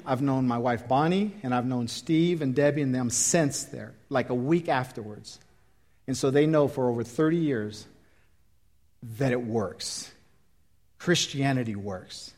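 A pastor in his fifties preaches a sermon and leads an altar call, speaking emphatically at medium pitch and swinging between loud exhortation and quiet pleading.

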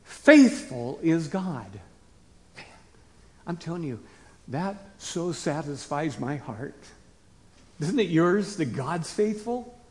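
Folksy pastor preaching in a reverberant hall. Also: male voice, a little high, animated, slow. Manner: folksy, rises to emphatic bursts and drops to quiet asides. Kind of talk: conversational sermon. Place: church sanctuary.

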